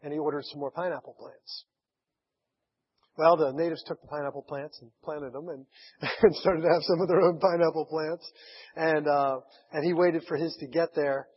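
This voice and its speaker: A man's voice: on the high side, steady tone, moderate pace, husky. A man preaching a sermon, telling a story with chuckles and acting out the people he quotes. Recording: echoey hall, dull lo-fi sound.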